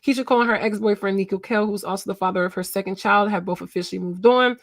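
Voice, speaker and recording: A woman's voice: medium pitch, fairly even intonation, rapid-fire, no echo. Young woman host, casual gossip stream, chatty, dry close sound. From Philadelphia, USA. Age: 20s. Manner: chatty, talks to chat, trails off and searches aloud. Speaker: livestream host.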